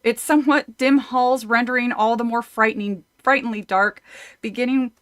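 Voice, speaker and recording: A woman's voice: on the high side, steady tone, normal speed. Chatty woman reading horror aloud. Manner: laughs often, wanders into tangents, swears casually. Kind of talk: casual read-through with chat.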